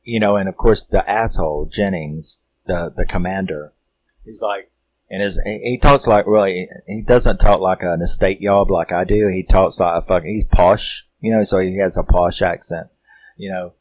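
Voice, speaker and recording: Male film reviewer, very low voice, dry close recording, rambling and sweary. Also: normal speed, no echo, rough recording. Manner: rambling, profane, laid-back storytelling. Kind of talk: casual movie recap.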